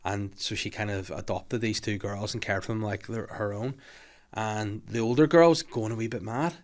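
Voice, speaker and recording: A man, hosting a casual podcast chat and retelling scenes with lively acted-out voices. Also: lowish voice, normal speed. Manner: animated storyteller acting out scenes. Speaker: podcast host.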